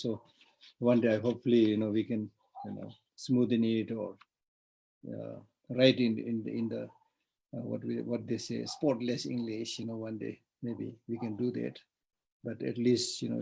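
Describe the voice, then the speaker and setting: A man's voice: medium pitch, gravelly, warm tone, slightly rough, low-quality recording. A man with a Tibetan accent giving an online Buddhist teaching, talking in a discursive way with repeated words and frequent "you know".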